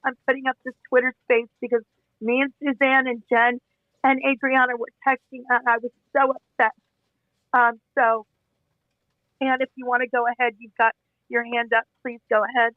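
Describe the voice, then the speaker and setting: Male host, very high voice, emotional and apologetic, narrow-band phone audio. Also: level tone, normal speed, dry recording. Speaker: host of an online audio room. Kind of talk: casual group call.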